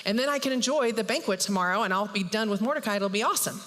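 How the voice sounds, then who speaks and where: A woman's voice: medium pitch, racing, a bit bright, in a large hall, natural voice. A woman voicing a boastful, hot-headed male royal official who brags and sulks. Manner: bragging, whiny, huffy.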